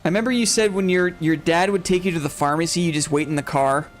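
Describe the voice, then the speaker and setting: High-voiced rambling man chatting on stream. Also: steady tone, fast talker, a little hiss or hum. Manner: rambling, self-interrupting, laughs often. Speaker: streamer host. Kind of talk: casual chat while gaming, reading chat.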